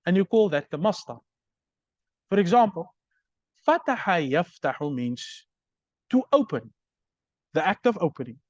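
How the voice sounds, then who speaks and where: Slow, lively-pitched male grammar teacher. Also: no room sound, highs cut off. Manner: explains step by step, checks understanding with "right?". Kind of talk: recorded lecture.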